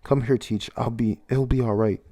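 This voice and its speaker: A man reading out the lines of a desperate, battered mother who is pleading for her children, his voice pitched a little higher. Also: steady tone, moderate pace, dark tone, no room sound, lightly acted. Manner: pleading, urgent.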